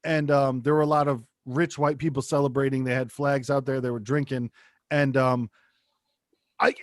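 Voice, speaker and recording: A man's voice: medium pitch, normal speed, no room sound, clean studio sound. A man co-hosting a casual podcast, telling a story and reacting with disbelief. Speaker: podcast co-host.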